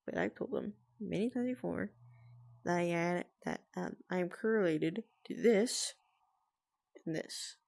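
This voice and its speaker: A woman vlogging from home, keeping her voice hushed and careful so family nearby won't hear. Her tone sits a little low, with a gravelly fry running through it and nervous little laughs. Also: unhurried. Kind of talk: casual explainer talk to friends.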